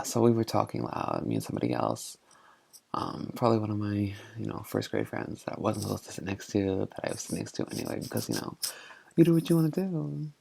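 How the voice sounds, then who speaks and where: A young woman spins a story straight to her phone camera, sassy and theatrical and quick to swear. Her voice sits extremely low, with a gravelly fry and a husky edge. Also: darkish tone, rough recording. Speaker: vlogger.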